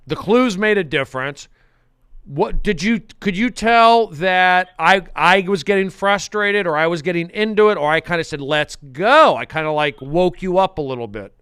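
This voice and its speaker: Intense high-voiced man hosting a podcast. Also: normal speed, smooth, no echo, clean studio sound. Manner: intense, repetitive, swings from muttering to loud outbursts. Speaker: podcast host. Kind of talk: comedic podcast banter. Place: studio.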